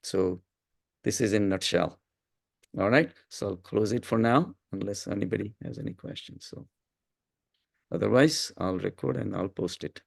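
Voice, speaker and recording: A man's voice: on the low side, normal speed, vocal fry, no echo, clean studio sound. An older man with an Indian English accent, a physician giving a casual spiritual talk, telling anecdotes with chuckles and restarts.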